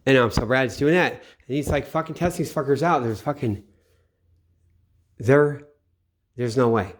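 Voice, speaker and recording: A man's voice: mid-range voice, normal speed. Middle-aged man, mid-range voice, rambling late-night talker, profane, drifts into mutters. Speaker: channel host. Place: home at night.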